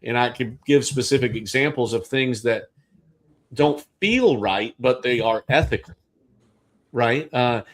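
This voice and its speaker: Man, rambling livestream co-host, middle pitch, casual. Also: expressive, unhurried. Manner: rambling, with restarts and asides. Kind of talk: casual chat.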